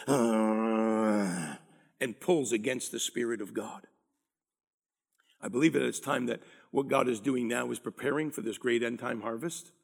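A middle-aged man preaching a sermon, animated and drawing call-and-response from the congregation. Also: medium pitch, gravelly. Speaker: pastor.

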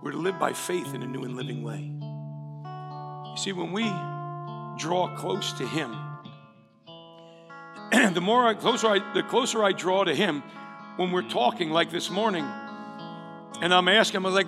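A man preaching a sermon to a congregation, dropping low and quiet, then building to loud shouts. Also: moderate pace, pauses often. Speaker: pastor. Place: church hall. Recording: reverberant hall with live music behind.

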